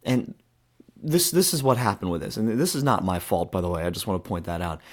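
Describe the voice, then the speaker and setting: A man in his thirties hosts a podcast, spinning a story in a loose, rambling style full of fillers and false starts. His voice is deep and sing-song, and he talks fast into a handheld microphone.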